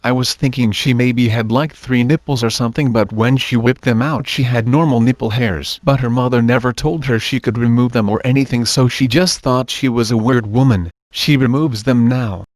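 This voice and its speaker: Guy reading out forum posts, steady even voice, medium pitch. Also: no echo. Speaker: narrator reading online posts.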